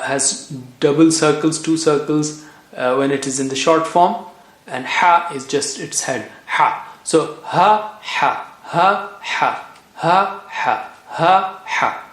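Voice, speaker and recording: Patient man drilling sounds in an echoey room. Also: on the high side. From South Asia. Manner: patient, repeats each sound slowly for drilling. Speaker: Quran reading teacher. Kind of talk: recorded language lesson.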